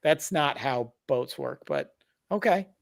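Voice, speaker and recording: A man's voice: on the high side, animated, slow, creaky. A man hosting a podcast, casually telling a tabletop horror story with wry asides and explanations. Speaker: podcast host.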